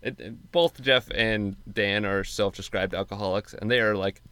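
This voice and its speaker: Chill podcast guy, kinda low but bright voice, dry close sound. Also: moderate pace, clear, resonant tone, no room sound. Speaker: podcast co-host. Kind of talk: casual podcast chat.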